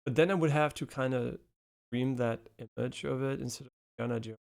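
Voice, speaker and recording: A man's voice: mid-range voice, a little fast, creaky, darkish tone. A man streaming a video game live, chatting casually with many fillers and swear words.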